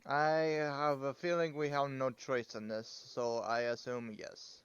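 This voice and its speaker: A man at a tabletop game speaks slowly and deliberately in a smooth voice. The audio is dry and somewhat dull. He thinks through his questions as he goes. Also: medium pitch, flat delivery, no room sound. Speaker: player. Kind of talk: casual tabletop play.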